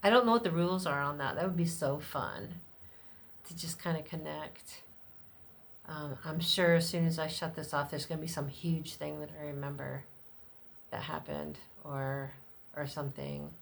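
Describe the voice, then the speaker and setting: Low-voiced woman chatting candidly, unfiltered. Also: steady tone, moderate pace, creaky. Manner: candid, rambling, with frequent fillers and swearing; acts out other people's lines in a much higher voice. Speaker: vlogger. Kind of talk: unscripted personal vlog chat.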